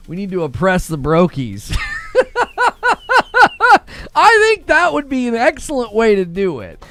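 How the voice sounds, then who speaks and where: A man hosting a gaming livestream, chatting casually and acting out little jokey scenes in quick voices. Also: high-pitched, wildly swooping pitch, a bit bright. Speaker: livestream host reacting to gaming videos.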